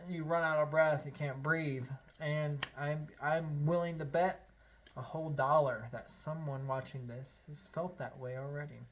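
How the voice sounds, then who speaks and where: A man's voice: a little high, steady tone, a little slow, a little hiss or hum. A man teaching a harmonica lesson, explaining step by step in a friendly way and counting beats aloud. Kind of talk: online music lesson.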